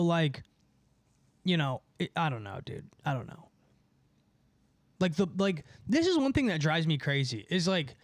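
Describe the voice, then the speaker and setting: A man hosts a live call-in stream, talking casually and rambling with many fillers and restarts as he reads chat comments. His voice is on the high side, with no room sound.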